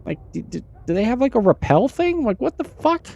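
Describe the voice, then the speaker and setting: A man's voice: very high-pitched, very animated, a little fast, vocal fry, darkish tone, lo-fi sound. A man doing live gameplay commentary, swearing freely and ranting in exasperation at his teammates, with incredulous outbursts. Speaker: streamer.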